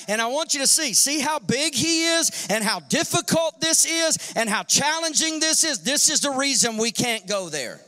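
A male pastor preaching a sermon in an animated style, firing off rhetorical questions and acting out quotes. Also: extremely high pitch, normal speed, few pauses. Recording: long hall reverb.

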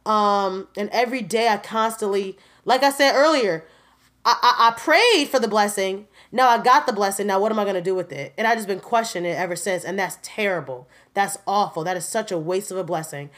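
A woman in her twenties giving a candid, animated personal update on her podcast, laughing often and talking straight to her listeners. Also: mid-range voice, a little fast. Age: 20s. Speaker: podcast host.

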